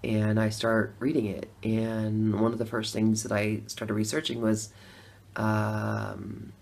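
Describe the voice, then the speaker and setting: A woman's voice: very deep voice, monotone, slow, creaky, darkish tone. A middle-aged woman telling a personal story in a casual, conversational way. She laughs often and acts out her own reactions. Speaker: former Democrat voter telling her story.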